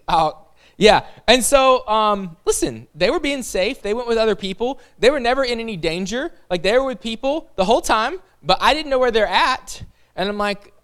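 A man's voice: high voice, fairly bright tone, clean tone. A man in his thirties preaching a casual sermon to a live audience, telling a personal story in a chatty, self-deprecating way full of "like" and "listen".

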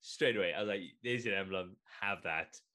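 A man's voice: low voice, brisk, bright, forceful tone. A man co-hosting a podcast, telling rambling stories and swearing freely in casual chat. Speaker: podcast co-host.

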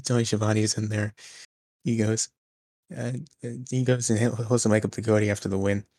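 A young man with a low voice talks wrestling on a casual podcast and gets excited as he retells the show. He acts out what the wrestlers said. The sound is close and dry, with no room around it. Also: moderate pace, dry recording. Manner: excitable recapper, acts out quotes. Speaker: podcast co-host.

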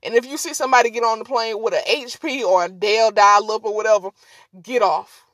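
High-voiced woman hosting a chatty show, lively and slangy, dry close sound. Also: brisk, no echo. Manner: animated, slangy, laughs often. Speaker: podcast host. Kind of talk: casual storytelling chat.

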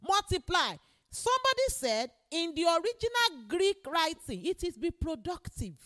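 A woman preaches in a high voice that swings widely in pitch. She is emphatic and repeats her key phrases. She often climbs into loud exclamations. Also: very animated, moderate pace. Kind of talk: sermon.

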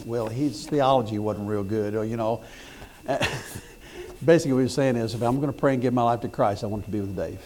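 Folksy stories, full of repetitions and restarts, build into loud, emphatic points as a middle-aged pastor delivers his sermon. He has a mid-range male voice and a brisk pace, with slight background noise.

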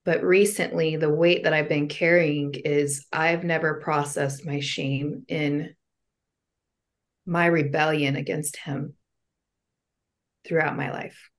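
Earnest lower-voiced woman sharing testimony. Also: level tone, takes it slowly, pauses often. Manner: earnest and heartfelt, with casual fillers. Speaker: interview guest. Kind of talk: personal faith testimony.

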